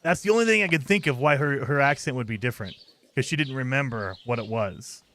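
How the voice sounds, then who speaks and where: A man's voice: medium pitch, fast talker, a bit bright, slight background noise. A man hosting a let's-play, commenting casually and with exasperation over the game, often laughing. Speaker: gaming channel host.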